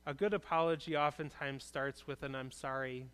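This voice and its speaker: A man's voice: medium pitch, steady tone, moderate pace, a bit bright, smooth. A man preaching a conversational, earnest sermon as a pastor in a church, often restarting his phrases.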